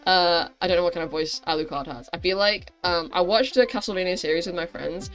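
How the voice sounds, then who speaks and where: A woman's voice: fairly low pitch, fairly quick, hardly any pauses, a bit bright, faint music behind. A woman hosting a gaming channel, reading a story game aloud with chatty, giggly asides.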